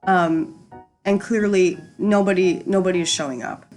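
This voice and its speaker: A woman's voice: lowish voice, steady tone, moderate pace, a little mellow, soft background music. A young adult woman hosting a casual storytime chat, rambling and frank, with lots of fillers and easy swearing. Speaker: storyteller host.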